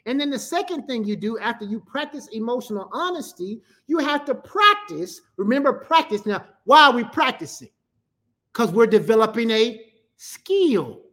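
A woman's voice: a little high, big pitch swings, normal speed, fairly bright tone. A middle-aged woman pastor preaching a sermon and calling for responses from the congregation.

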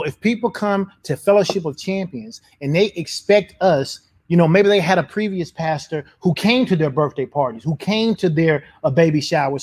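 A man's voice: fairly high pitch, darkish tone, husky. A man speaking as a pastor in a church talk, fervent and emphatic. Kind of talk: sermon-style church talk.

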